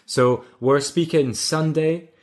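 A man hosting a relaxed podcast chat. He hesitates and trips over the first words of his sentences before getting going. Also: a little high, slow. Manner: hesitant, repeats words when starting. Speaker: podcast host. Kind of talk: casual interview chat.

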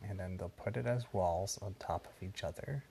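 A man's voice: low voice, moderate pace, gravelly, a little mellow, slight background noise. A man patiently improvising a bedtime story for a child and explaining things along the way. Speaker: parent telling a bedtime story.

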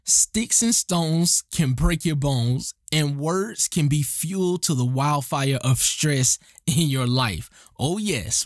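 A man's voice: a little high, no echo, studio quality. A man hosting a motivational podcast, talking earnestly and emphatically and repeating his key lines for effect. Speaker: podcast host.

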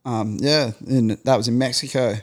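A man's voice: mid-range voice, steady tone, moderate pace. A man telling a long story in casual chat, rambling and peppering his talk with fillers. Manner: rambling, heavy use of filler "like".

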